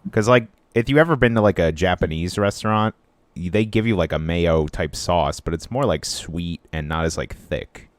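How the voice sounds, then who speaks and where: A man's voice: deep voice, normal speed, dry recording. A young man co-hosting a podcast in casual, rambling chat, full of "like" fillers. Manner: rambling, filler-heavy, easygoing. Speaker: podcast co-host.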